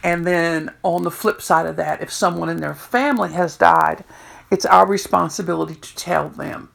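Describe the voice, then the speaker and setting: A middle-aged woman with a deeply gravelly, creaky voice tells stories as a prison chaplain. She is animated and leaps up in pitch whenever she quotes herself or others. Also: normal speed. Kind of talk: storytelling talk.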